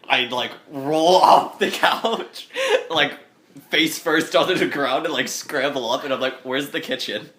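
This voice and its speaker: A man's voice: fairly high pitch, a little slow, pushed and bright. A man playing a tabletop game in casual chat, joking, swearing and laughing often. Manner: laughs a lot, swears, jokey. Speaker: player.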